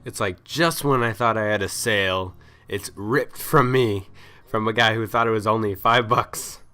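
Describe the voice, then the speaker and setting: A man with a somewhat low voice tells stories in a loose, ranting vlog style. He sounds exasperated and complaining, dropping into quick quoted lines as he acts out the people he met. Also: pushed and bright. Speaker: vlogger. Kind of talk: casual storytelling rant.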